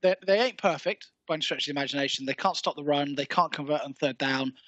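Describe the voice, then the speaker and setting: Man, bright tense voice, brisk analysis, sports podcast, dull lo-fi recording. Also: a little high, no echo. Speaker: podcast co-host. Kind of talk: casual sports chat. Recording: dull lo-fi sound.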